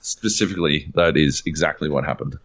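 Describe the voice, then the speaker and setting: Deep-voiced podcast co-host, animated and profane, with slightly dull lo-fi sound. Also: male voice, a little fast. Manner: animated, profane, rambling with fillers. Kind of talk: casual chat.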